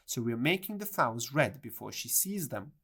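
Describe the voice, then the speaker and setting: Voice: mid-range voice, very animated, moderate pace, a bit bright, slightly rough, exaggerated voice. A reader voicing a nervous, humble gardener in a storybook, speaking hesitantly and apologetically.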